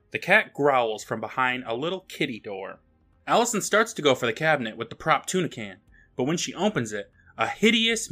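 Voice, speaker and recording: Lively, bright-voiced podcast co-host man. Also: medium pitch. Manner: lively retelling with frequent laughs. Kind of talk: casual recap and chat.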